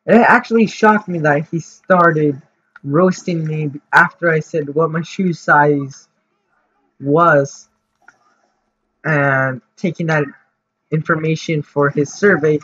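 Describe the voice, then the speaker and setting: A man's voice: a little high, steady tone, slow pace, pushed and bright, slightly rough. A man telling a story for his vlog in a casual, rambling way, full of fillers and restarts. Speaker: vlogger. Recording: dull lo-fi audio with faint noise.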